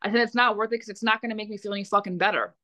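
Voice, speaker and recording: A woman's voice: mid-range voice, steady tone, very fast, sharp tone. A young adult woman, a podcast guest, telling a painful personal story in a blunt, heated way with frequent swearing.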